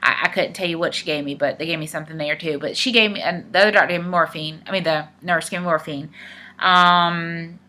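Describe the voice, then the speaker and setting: Young woman vlogger, bright voice, talks casually to camera and retells what people said. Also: on the low side, fairly even intonation, a little fast, a little hiss or hum. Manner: chatty, retells dialogue with many "I said", "he's like".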